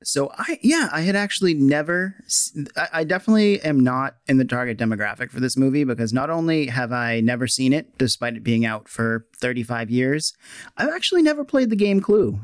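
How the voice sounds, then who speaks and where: A male podcast co-host thinking out loud in casual chat. He hedges and restarts his sentences as he weighs his views. The recording is dry and close, with no room sound. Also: medium pitch, clear, resonant tone, no room sound. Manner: thoughtful, hedging, full of restarts.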